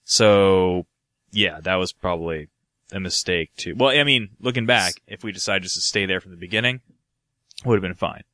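Rambling low-voiced podcast guy. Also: normal speed, pushed and bright, no echo. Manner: rambling storyteller, swears casually, laughs often. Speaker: podcast co-host. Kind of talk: casual podcast chat.

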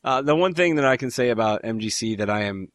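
Halting male podcast host. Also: mid-range voice, animated, fairly bright tone, no echo, clean studio sound. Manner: halting, repeats words. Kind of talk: casual podcast chat.

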